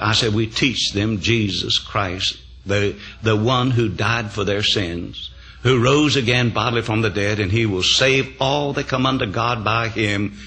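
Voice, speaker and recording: Older preacher, man, bright voice, folksy storyteller punctuating with amens. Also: mid-range voice. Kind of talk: sermon storytelling.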